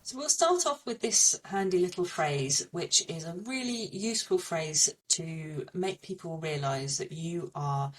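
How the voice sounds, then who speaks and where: A woman teaching beginner French, slowly repeating each phrase with care. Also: sits low, distant mic. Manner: slow, careful repetition of phrases. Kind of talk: beginner language lesson.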